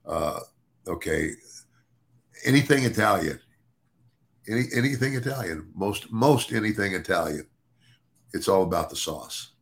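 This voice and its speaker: An older man chats casually on a podcast in a low, gravelly voice. He keeps restarting and repeating words as he talks. The tone stays easygoing and conversational. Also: animated, measured pace, pauses often. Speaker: podcast co-host and former wrestler.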